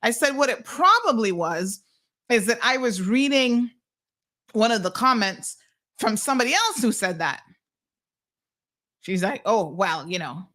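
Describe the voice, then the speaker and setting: A woman's voice: fairly high pitch, a bit bright. Caymanian lady hosting a talk show, chatty, kinda exasperated, rambles on. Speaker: talk show host reading listener comments. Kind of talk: casual call-in show chat.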